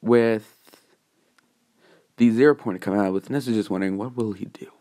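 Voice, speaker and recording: A man's voice: fairly low pitch, normal speed, warm tone. A man narrating a fan-made story in a casual, improvised way, rambling with fillers and self-corrections.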